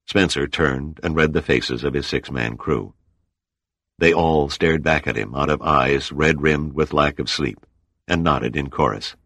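A man reading an audiobook in a steady, measured scripted narration. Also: a bass voice, gravelly, no echo, studio quality.

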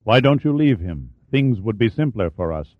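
A man reading an audiobook voices a cool, aloof male politician, scheming and composed, in a low, smooth tone. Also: sing-song, moderate pace, dry recording. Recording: dull, dry studio audiobook.

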